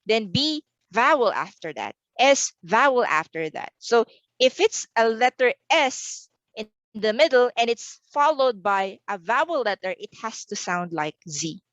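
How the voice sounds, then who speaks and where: A woman's voice: on the high side, lively intonation, unhurried, fairly bright tone, no room sound, muffled recording. A woman from the Philippines giving an online exam review lesson, repeating words carefully for pronunciation drills.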